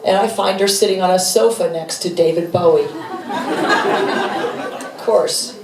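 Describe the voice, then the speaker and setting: A woman in her fifties, a guest author and rock musician, telling animated stories with laughs at an onstage interview. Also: on the low side, measured pace, heavy background noise. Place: bar venue with live audience. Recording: echoey room, mic from a distance.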